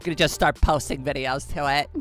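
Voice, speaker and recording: A woman's voice: sits low, moderate pace, soft background music. A woman streamer chatting casually with her viewers, giggly and playful, often laughing at herself. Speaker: live streamer.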